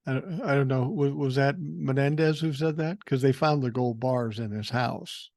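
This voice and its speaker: A man's voice: medium pitch, moderate pace, hardly any pauses, a little mellow, no room sound. An older man hosting a podcast, giving blunt, profane political commentary and reading listener emails, thinking aloud with fillers. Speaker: podcast host.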